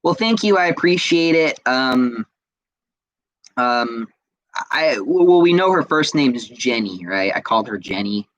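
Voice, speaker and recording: A man's voice: medium pitch, expressive, unhurried, fairly bright tone, poor audio. A man hosting a casual podcast, ranting heatedly with lots of swearing and stammered repeats as he reacts to viewer comments. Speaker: podcast host.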